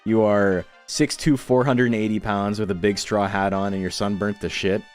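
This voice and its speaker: A man with a low voice chats loosely while hosting a game tournament stream, drifting between stories, swearing and laughing. Faint music plays quietly behind him. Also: fairly even intonation, normal speed. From Toronto, Canada. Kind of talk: casual chat between matches.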